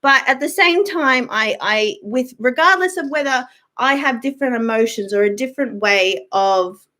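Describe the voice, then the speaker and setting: A woman's voice: on the high side, normal speed, pushed and bright. A woman live-streaming a blunt, profane rant as she answers viewer comments. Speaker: YouTuber live-streaming to chat. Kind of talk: casual ranting live-stream chat.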